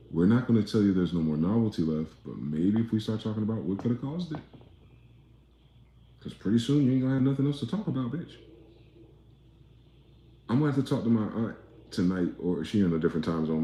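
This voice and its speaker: Deep-voiced ranting livestream man. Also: mellow, roomy sound, slight background noise. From East Orange, New Jersey. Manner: profane, ranting, rambling. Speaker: livestream host. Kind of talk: rambling livestream monologue reading chat.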